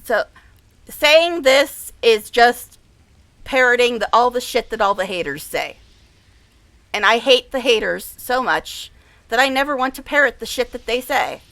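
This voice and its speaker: A woman's voice: a little high, a bit bright, dry recording. A woman streamer giving casual gameplay commentary, gushing and dramatic, laughing often. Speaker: game streamer.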